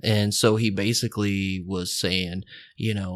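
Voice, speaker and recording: A man's voice: low-pitched, level tone, unhurried. A man hosting a podcast who tells a true-crime story casually, loose and profane, with lots of fillers and asides. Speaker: podcast host.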